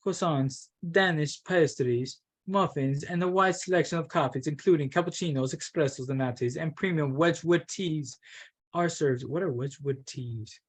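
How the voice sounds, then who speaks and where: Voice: medium pitch, moderate pace. A workshop participant reads a travel brochure aloud, stumbling now and then and breaking off for self-mocking asides.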